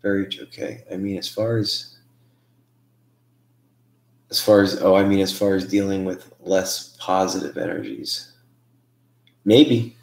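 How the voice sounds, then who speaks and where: A man's voice: deep voice, little pitch movement, a little slow, long pauses, darkish tone, reverberant. A man hosting a live paranormal stream, chatting casually with viewers in a hesitant, rambling way, thinking aloud.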